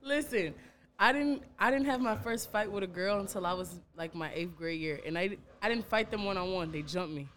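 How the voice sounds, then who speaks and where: A young woman chatting casually on a podcast, her voice sitting at an ordinary middle pitch. She tells stories in a profane, animated way, full of swearing and quick asides. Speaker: radio personality guest.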